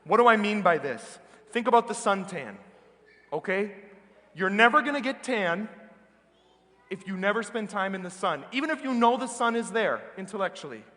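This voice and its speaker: A man with an American accent preaching a sermon as a priest, earnest and emphatic, slowing down on key words. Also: high-pitched, expressive, bright, forceful tone. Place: large church. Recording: reverberant church hall.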